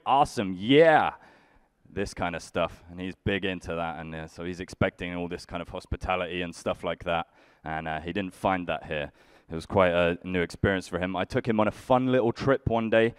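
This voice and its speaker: A young British man doing a stand-up comedy set on a conference stage, with a dry, self-deprecating, deadpan delivery. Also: deep voice, clean tone, no echo. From United Kingdom. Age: young adult. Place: conference stage before a live audience.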